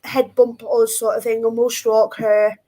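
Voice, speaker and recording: Chatty woman guest, high voice, lots of fillers, video-call chat. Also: little pitch movement, unhurried, dark tone.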